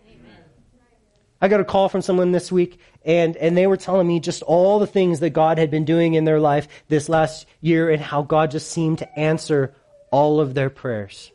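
A man preaching a sermon to a congregation with kids present, animated and playful, swinging from hushed lows to loud peaks. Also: moderate pace. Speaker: pastor.

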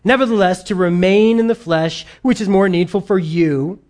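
Emphatic preacher with loud and quiet swings. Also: mid-range voice, normal speed. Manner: reads scripture aloud in between explaining. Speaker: pastor. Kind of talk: sermon.

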